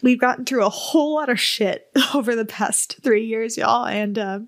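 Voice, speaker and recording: A woman hosting a solo podcast, talking slowly and candidly with open emotion and casual swearing. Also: on the high side, no room sound. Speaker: podcast host. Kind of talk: heartfelt solo podcast talk.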